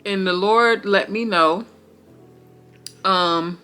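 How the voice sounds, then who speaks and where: A young woman talks to her viewers in a relaxed, heartfelt vlog, taking her time with each thought. Her voice is bright and clear. Faint music plays softly in the background. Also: mid-range voice, drawn-out words. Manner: chatty and heartfelt, calls viewers "girl" and "y'all". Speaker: vlogger. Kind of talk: casual chat to camera.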